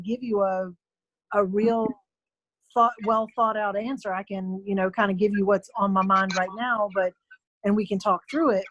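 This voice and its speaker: Woman talk-show guest, mid-pitched, reflective and earnest, dry close recording. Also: no echo, lo-fi sound. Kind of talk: casual talk show chat.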